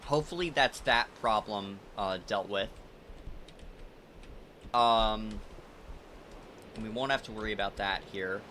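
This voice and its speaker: Man, let's play host, casual rambling commentary, unhurried, low bright voice, faint typing behind. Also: fairly even intonation, slight background noise. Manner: rambling and casual, with sudden profane outbursts.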